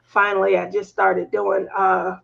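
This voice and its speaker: A woman chatting casually on a live stream, asking short, direct questions in a strongly gravelly, creaky voice. Her audio comes through dull and lo-fi. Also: mid-range voice, flat delivery, unhurried, a bit bright. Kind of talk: casual chat.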